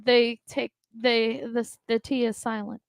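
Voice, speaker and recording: A woman co-hosting a radio talk show, giggling often and gently correcting her co-host. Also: a little high, level tone, measured pace, vocal fry, clear, resonant tone, dry recording. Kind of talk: casual radio chat.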